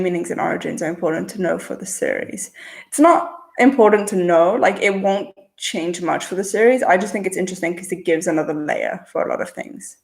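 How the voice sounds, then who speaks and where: A young woman hosts a casual livestream Q&A, picking up viewers' questions one by one. Her delivery is relaxed and chatty, and she muses aloud before settling on each answer. Her voice sits at a middle pitch for a woman. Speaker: channel host.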